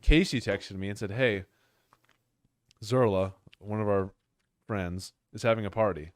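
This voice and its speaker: A young man with a fairly low voice chats on a podcast in a casual, wry way. He tells his own stories dryly and adds short comments to other people's. The sound is close and dry, with no room echo. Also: a little slow. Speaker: podcast co-host. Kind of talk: casual chat.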